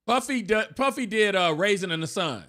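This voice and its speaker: A man co-hosting a casual gossip podcast, telling stories in an animated way and acting out the people in them. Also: high-pitched, fairly quick. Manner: animated storyteller acting out voices. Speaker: podcast co-host.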